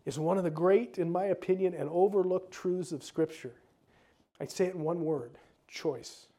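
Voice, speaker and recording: Guy pastor preaching, kinda high voice but mellow, chatty with asides. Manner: conversational preaching with asides and repeated words. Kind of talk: sermon.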